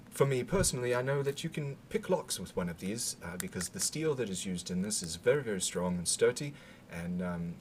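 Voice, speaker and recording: A man speaking in a put-on British accent, rambling through a casual gear walkthrough with halting fillers and dry asides. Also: lowish voice, slight background noise. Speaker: gear demonstrator.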